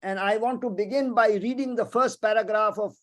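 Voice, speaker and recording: Brief: older Pakistani-accented male academic, measured and formal with many pauses, lecturing over a video call. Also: high-pitched, fairly even intonation. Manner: measured and formal, with frequent hesitations. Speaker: guest speaker.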